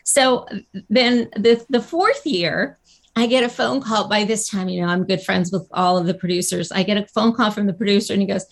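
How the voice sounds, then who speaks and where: A woman guest telling a lively anecdote in a casual interview, acting out the people she quotes. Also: medium pitch, normal speed, gravelly. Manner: animated storyteller, acts out quotes. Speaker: guest actress.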